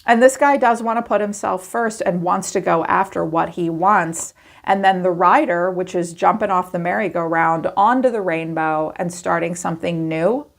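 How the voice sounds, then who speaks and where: A woman giving a chatty tarot reading to camera, acting out quoted thoughts in animated asides. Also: fairly low pitch, normal speed, vocal fry, few pauses. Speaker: tarot reader.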